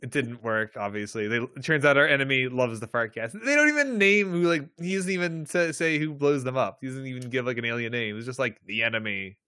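A man's voice: mid-range voice, brisk, hardly any pauses, pushed and bright, clear, resonant tone, dry recording, studio quality. A man co-hosting a podcast who mocks a TV episode with sarcastic jokes in a casual chat. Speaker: podcast co-host.

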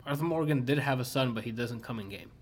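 A man's voice: mid-range voice, quick pace, a little mellow. Rambling, swearing young streamer man. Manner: rambling, swears a lot, many fillers. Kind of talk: casual chat.

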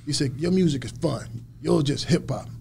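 Male interview guest, storyteller who acts out every quote, a little high-voiced. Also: normal speed, creaky, a little hiss or hum. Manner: animated storyteller acting out quotes.

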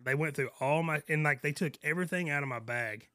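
A West Texas man tells a story in an easy, dry manner, his voice a little high. He is heard close up in a dead room. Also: quick pace, pushed and bright, no room sound. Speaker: podcast guest. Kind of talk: casual chat, storytelling.

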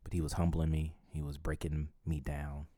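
In this dry recording, a man with a dark-toned bass voice hosts a devotional podcast, reading and reflecting on scripture earnestly and with feeling. His pitch moves little overall, though it rises when he is moved, and he restarts haltingly at times.

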